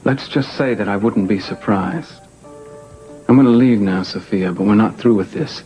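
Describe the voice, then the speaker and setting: A man's voice: lowish voice, normal speed, warm tone, lightly acted, poor audio. A man playing a firm, confrontational grown son in a 1980s TV soap opera, with music under the soundtrack. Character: stern determined adult son, Mason.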